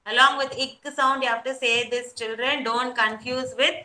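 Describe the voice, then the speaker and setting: A woman teaching young children an online lesson, sounding words out slowly syllable by syllable and praising them. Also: on the high side, steady tone, sharp tone, roomy sound. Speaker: kindergarten teacher. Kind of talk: online class teaching Hindi letters.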